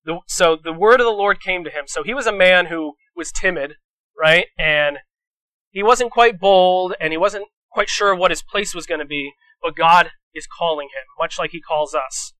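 A man's voice: high voice, normal speed, pushed and bright, dry recording, rough recording. A man preaching a casual sermon, telling stories in a rambling, conversational way with many restarts.

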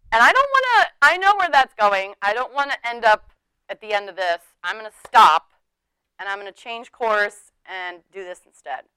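A woman's voice: fairly high pitch, pushed and bright, clean tone, no room sound, poor audio. A middle-aged woman teaching a sermon in a chatty way, laughing often and acting out the people she quotes. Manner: conversational, laughing, acts out quoted speech.

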